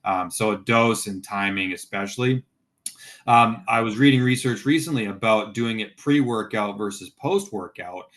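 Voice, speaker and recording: A man's voice: on the low side, normal speed, a bit bright. A man on a webinar explaining health research in a confident, plain-spoken way. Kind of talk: conversational webinar discussion.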